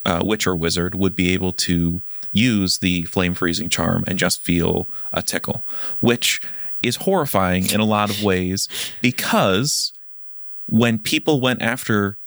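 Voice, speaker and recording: Podcast co-host: man with a deep gravelly voice, loose halting delivery. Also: a bit bright, no room sound, clean studio sound. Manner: halting, many fillers and restarts. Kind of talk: casual book discussion podcast.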